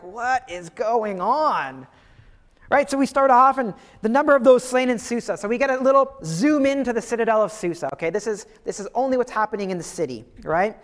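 A man preaching a sermon in a lively, conversational way, asking his listeners questions as he goes. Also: high voice, big-room sound. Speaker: pastor.

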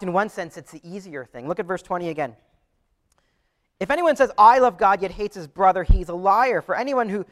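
A man's voice: sits high, a bit bright. A pastor preaching a sermon to his church, earnest and conversational, often restarting his phrases.

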